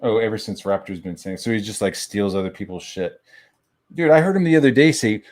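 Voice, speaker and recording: A man's voice: on the low side, a little fast, a little mellow. A young man on a stream, ranting in a rambling way and swearing heavily. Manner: crude, rambling, heavy swearing. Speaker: stream guest. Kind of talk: profane ranting stream talk.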